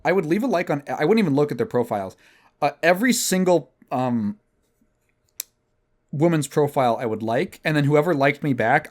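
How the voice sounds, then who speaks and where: A young man hosting a podcast, telling a rambling, profane, self-mocking story in casual chat. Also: mid-range voice. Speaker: podcast host.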